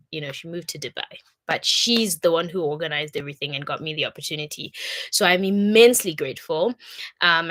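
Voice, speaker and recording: A young woman talking casually to her future self in a vlog, emotional and a little teary, chatty, breaking into laughs and sudden loud bursts. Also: on the low side. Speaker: vlogger.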